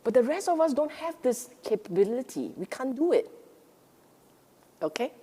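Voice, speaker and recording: A woman's voice: sits high, very animated, moderate pace, mellow, slightly rough, long reverb tail. A woman teaching Dharma in an emphatic way, often repeating and rephrasing herself and acting out the inner voices of the mind. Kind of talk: Buddhist Dharma talk.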